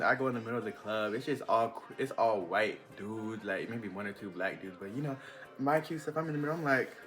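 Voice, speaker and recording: A young man telling a casual storytime vlog, chatty and animated with lots of fillers. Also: medium pitch. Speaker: vlogger.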